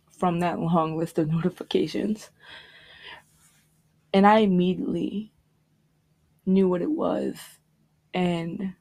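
A young woman on a podcast telling a personal story about grief, halting and reflective, with pauses and restarts. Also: fairly low pitch, gravelly, warm tone. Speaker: podcast guest.

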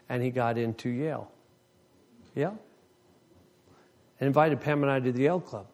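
A man's voice: medium pitch, a little mellow. A man telling a long, rambling story to a group in a casual, joking way, slipping into voices for the people in it.

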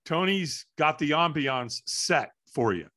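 Animated storytelling man, bright voice. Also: on the high side, slow. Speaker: interview guest. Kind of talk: storytelling in conversation.

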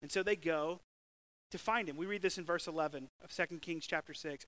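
A man preaching a sermon with lively swings between loud, emphatic bursts and hushed, slow scripture reading. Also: fairly high pitch, no room sound, rough recording. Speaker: pastor.

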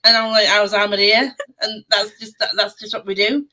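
A woman from the UK co-hosting a podcast, chatting in a lively way and swearing casually. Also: on the high side, fairly quick, rough recording. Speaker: podcast co-host. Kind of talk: casual chat.

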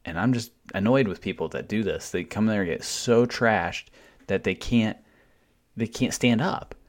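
Deep-voiced man telling a blunt, profane story. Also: normal speed. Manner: blunt and swearing freely. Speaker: podcast co-host.

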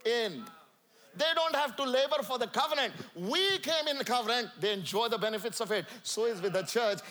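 A man with an Indian accent preaching a sermon to a church congregation, swinging from loud calls to quiet asides. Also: extremely high pitch. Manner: emphatic, rising and falling between loud calls and quiet asides. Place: church sanctuary.

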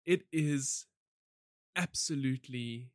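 Lively man chatting on a podcast. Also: medium pitch, slow pace, no room sound, studio quality. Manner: animated and talkative, with many fillers and restarts. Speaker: podcast co-host reviewing films and shows. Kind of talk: casual review chat.

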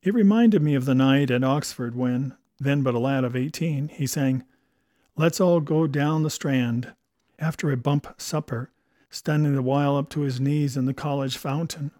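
A man's voice: medium pitch, moderate pace, warm tone, no room sound. A man narrating a comic novel in the first person, dry and wry.

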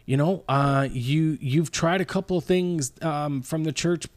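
A man's voice: on the high side, unhurried, no room sound. A man in his thirties, a pastor, talking earnestly in a casual chat, rambling with many restarts.

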